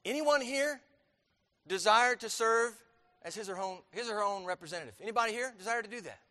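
A man preaching a sermon to a congregation, emphatic, asking rhetorical questions and breaking into forceful outbursts. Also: high voice, a little fast, long reverb tail. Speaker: pastor.

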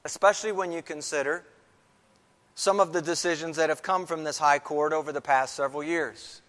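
Male pastor, slightly high voice, emphatic sermon delivery, church hall with long reverb. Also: fairly even intonation, brisk, a bit bright. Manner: emphatic preaching with repeated phrases. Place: church sanctuary.

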